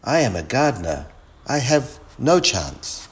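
A man's voice: mid-range voice, big pitch swings, a little slow, pitched above the performer's own voice. A man voicing a shy, lovesick young gardener in a storybook reading, sad and humble.

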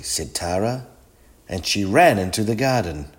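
Low-voiced man reading a children's story. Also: husky. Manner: expressive, unhurried. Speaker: storybook narrator.

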